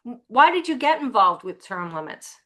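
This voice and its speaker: A woman's voice: a little high, big pitch swings, normal speed, bright, forceful tone. A woman hosting an interview, welcoming her guest in an eager, upbeat way. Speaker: interview host.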